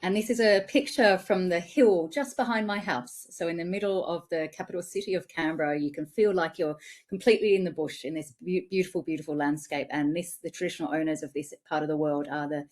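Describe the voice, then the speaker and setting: A woman's voice: lowish voice, fairly quick, darkish tone. A woman with an Australian accent presenting an online seminar over a video call, friendly and apologetic, thinking aloud with small restarts. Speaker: seminar speaker.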